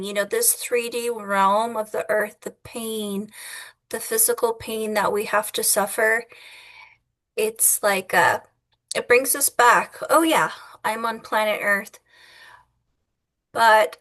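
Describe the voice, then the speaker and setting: A woman from Southern California with a fairly high voice talks earnestly in a casual interview. She leans on repetition to drive her points home. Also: a bit bright. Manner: earnest, repeats phrases for emphasis. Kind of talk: casual conversation.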